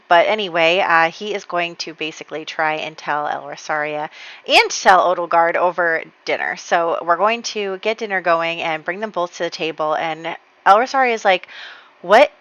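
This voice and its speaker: A woman's voice: on the low side, fairly bright tone, dry recording. A young woman casually narrating her life-simulation game, chatty and giggly with lots of fillers. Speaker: gaming channel host. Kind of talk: casual let's-play narration. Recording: slightly dull lo-fi dry voice.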